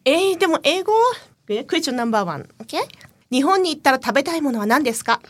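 A woman's voice: sits high, very animated, rapid-fire. A woman hosting a radio show from a small studio, firing off playful, teasing questions to a young guest. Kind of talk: playful quiz with a child guest.

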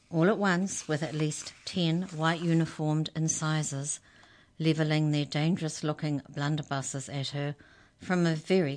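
Low-voiced woman narrator for a children's storybook, calm and measured. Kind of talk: reading a children's story aloud.

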